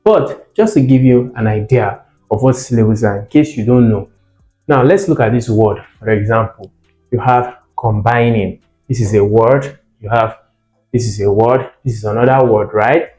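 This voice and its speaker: A man's voice: mid-range voice, moderate pace, dark tone. A man teaching vowel sounds for exam prep, who repeats each sound and word for practice and checks on the viewer. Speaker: English teacher. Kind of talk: exam-prep phonetics lesson. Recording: roomy echo with faint music.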